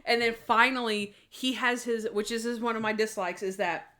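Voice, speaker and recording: A woman's voice: on the high side, steady tone, normal speed, pushed and bright. A woman co-hosting a podcast in casual chat. She retells scenes animatedly, acts out quoted lines and leans on "like" as a filler. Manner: frequent "like" fillers. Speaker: podcast co-host.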